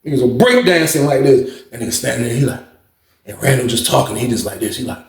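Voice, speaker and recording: A man telling a story in a casual, animated way, acting out quotes and punch sounds. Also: medium pitch, quick pace, vocal fry. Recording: echoey room.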